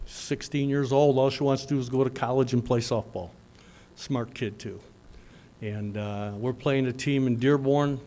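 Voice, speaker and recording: Folksy middle-aged man telling a story. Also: medium pitch. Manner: folksy, animated storyteller with asides. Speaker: graduation speaker. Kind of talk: motivational speech with storytelling.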